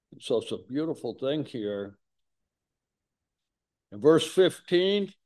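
A man preaching a sermon in a folksy, conversational way, with asides to his congregation. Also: medium pitch. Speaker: pastor.

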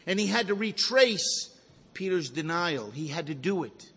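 A high-voiced man delivers a sermon, lingering on key words and dropping his voice low and quiet to stress them. His voice rings with the long reverb of a large hall. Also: expressive, slight background noise. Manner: slow, emphatic preaching with dramatic drops to a hush. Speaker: preacher.

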